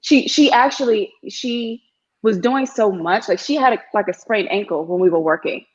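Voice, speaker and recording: A woman actress telling stories as a guest in a casual interview chat, animated and relaxed. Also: mid-range voice, moderate pace. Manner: animated storyteller, frequent "you know what I mean". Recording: slightly dull lo-fi audio.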